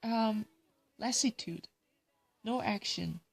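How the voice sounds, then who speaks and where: Korean-accented woman, gravelly husky voice, casual vocab study, reads word and definition then explains. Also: on the high side, slow.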